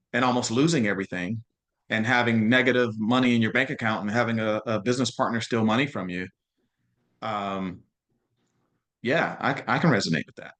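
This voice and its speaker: A man in his thirties coaching real estate agents in a lively, conversational motivational talk, often restarting and acting out quotes. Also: on the high side. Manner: energetic, conversational, many restarts and acted-out quotes. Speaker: guest speaker, real estate social media coach.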